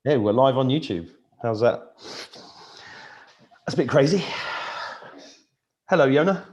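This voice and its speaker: A man hosts a live video call and chats casually at a middling pitch. He gets emotional, laughs often, and keeps restarting his sentences. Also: lively intonation, measured pace, darkish tone. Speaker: host of a live online meeting. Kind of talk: casual live-stream chat. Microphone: computer video call.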